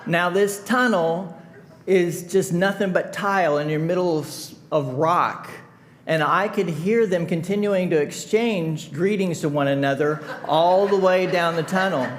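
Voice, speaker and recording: A male pastor with a Midwestern American accent telling a lively story in a sermon, laughing often and acting out the scenes. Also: high voice. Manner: animated storyteller, laughing, shouting in retold scenes. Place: church sanctuary.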